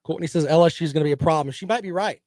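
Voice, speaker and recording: A man's voice: fairly high pitch, very fast, a little mellow, dry recording. A man hosting a casual live-stream sports talk show, giving opinions and reading viewer comments.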